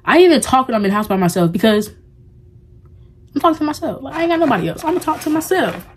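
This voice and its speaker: A woman's voice: high voice, sing-song, rapid-fire, slight background noise. A young woman talking to her viewers in a casual, confessional vlog, rambling and heartfelt, with many filler words. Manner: rambling and heartfelt, heavy use of "like". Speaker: vlogger.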